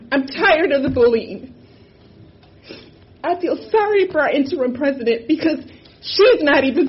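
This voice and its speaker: A woman on a university board giving an impassioned, emphatic statement at a public meeting, repeating phrases for force. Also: high-pitched. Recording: muffled lo-fi audio with faint background noise.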